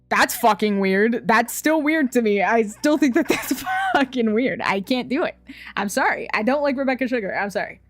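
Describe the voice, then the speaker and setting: A woman's voice: fairly high pitch, animated, moderate pace, soft background music. A young woman streamer chatting casually with her viewers, ranting bluntly, swearing often and laughing a lot. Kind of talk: casual chat reacting to chat messages.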